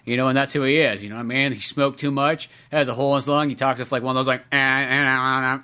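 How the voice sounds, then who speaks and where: Young dude on a podcast, bright voice, swears a lot, says like constantly. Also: male voice, medium pitch, steady tone, racing. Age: young adult. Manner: loose and profane, lots of fillers. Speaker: podcast co-host. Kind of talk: casual chat.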